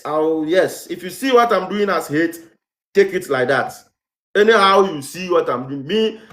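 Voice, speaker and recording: A vlogger with a Ghanaian English accent delivers a heated, impassioned monologue, repeating rhetorical questions and hammering home his points. His voice is fairly high and a bit bright, and the recording sounds roomy.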